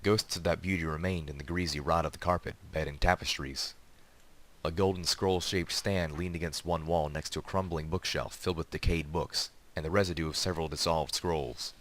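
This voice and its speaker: A man reading a fan story aloud in a steady, even narration. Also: extremely low pitch, fairly quick. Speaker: reader.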